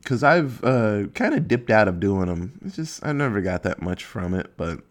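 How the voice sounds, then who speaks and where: A young man hosting a casual solo podcast, rambling and swearing, joking at his own expense and dropping into quick silly voices. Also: on the low side, big pitch swings. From Ohio, USA. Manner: rambling, profane, self-mocking, acts out quick silly voices. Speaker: podcast host.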